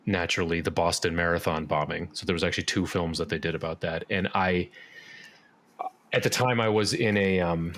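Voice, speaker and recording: A man's voice: low voice, steady tone, fairly quick, fairly bright tone. A man speaking as a podcast guest in casual interview chat, rambling with lots of fillers and restarts. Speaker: podcast guest, musician and actor.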